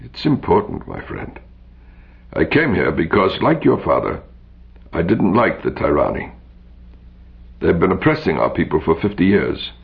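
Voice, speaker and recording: A man's voice: sits low, sing-song, a little slow, vocal fry, long pauses, full character voice. A man reading aloud, voicing a cool, refined male dandy who speaks in a precise, insistent way. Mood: urgent. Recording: dull lo-fi recording.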